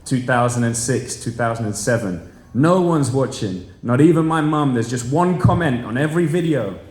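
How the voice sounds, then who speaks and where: A man's voice: mid-range voice, moderate pace. A spoken word poet in his thirties from the Channel Islands tells a story to a live audience in a library event room. He voices middle-range lines and acts out what others said with spirited, shifting delivery. The room echoes around his voice. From Channel Islands, Jersey. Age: 30s. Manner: lively storyteller who acts out quoted dialogue.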